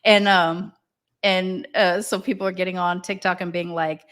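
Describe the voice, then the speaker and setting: A woman's voice: on the low side, level tone, normal speed, a bit bright. A woman co-hosting a podcast in casual chat, talking loosely with many fillers and restarts. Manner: rambling, full of fillers and restarts. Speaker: podcast co-host.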